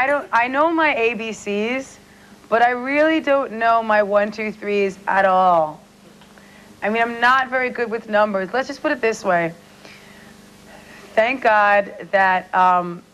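A woman's voice: medium pitch, a bit bright, low-quality recording. Giggly woman talk-show guest. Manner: chatty, giggly, self-deprecating. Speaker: celebrity guest. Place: remote link from New York.

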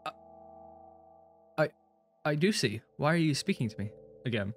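A man's voice: on the high side, big pitch swings, normal speed, soft background music. A young man reading a visual novel aloud and reacting to it, with casual talk, frequent swearing and laughs between lines. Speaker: gaming streamer.

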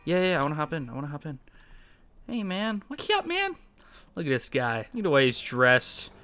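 A young man giving casual, excitable commentary over his own gameplay, laughing often and talking to himself. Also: medium pitch, fast talker. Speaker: gaming YouTuber.

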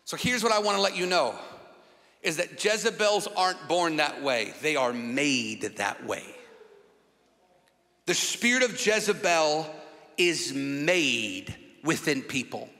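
A man's voice: fairly high pitch, lively intonation, takes it slowly, sharp tone. A man pastor preaching a sermon emphatically, with long repetitions. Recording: long hall reverb.

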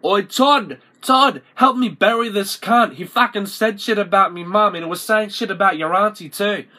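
Sketch character: a man doing a loud, high-strung Australian lad, bright and shouty, constant threats. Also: measured pace. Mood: shouting. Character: aggressive young Australian lad, threatening and hot-tempered.

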